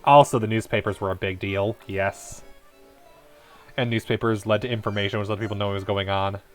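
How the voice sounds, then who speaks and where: A man's voice: fairly low pitch, fairly even intonation, fairly quick, soft background music. A man streaming a game, rambling casually and eagerly about history. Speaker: let's-play streamer. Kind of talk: casual gameplay commentary.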